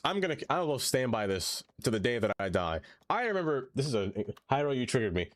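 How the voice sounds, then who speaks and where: A man's voice: medium pitch, big pitch swings, fairly quick, hardly any pauses. A man live-streaming a city-building game, chatting casually and reading chat aloud, ranting animatedly and laughing often.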